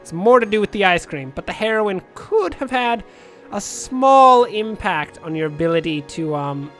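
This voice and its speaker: A man giving rambling, jokey commentary over a city-building game, with sudden shouted outbursts. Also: sits high, animated, moderate pace, soft background music. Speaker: let's play host.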